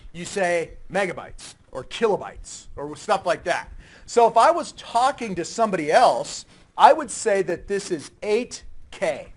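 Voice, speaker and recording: A man giving a classroom lecture, lively and chatty, often checking in with his students and quizzing them. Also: high-pitched. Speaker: university lecturer.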